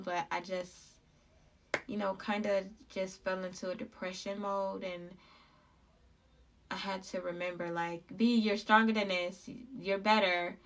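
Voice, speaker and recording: A young woman vlogger telling a personal story in a halting, heartfelt way, full of fillers. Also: mid-range voice, creaky, recorded from a distance.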